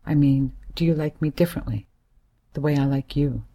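A woman reading the part of a hesitant but serious young man, a gentle family friend, in an audiobook. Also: fairly high pitch, fairly quick. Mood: earnest. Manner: hesitant yet serious, soothing.

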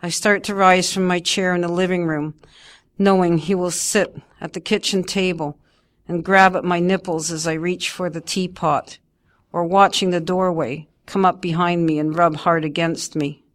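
A woman narrating her memoir in first person, in a measured, steady way. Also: lowish voice.

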